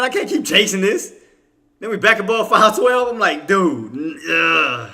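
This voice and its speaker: A man with a fairly high, bright voice gives live day-trading commentary to his viewers. He teases and laughs loudly one moment, then mutters quietly to himself while he works his orders. His speech is loose and full of slang. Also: moderate pace. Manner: animated, laughing, teasing, slangy; drops to low muttering while placing orders.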